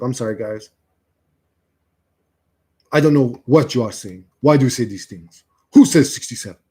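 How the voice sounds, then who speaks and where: This livestream host has a medium-pitched, dark voice with a breathy edge. He reads viewer comments and chats casually, rambling, joking and cursing as he goes.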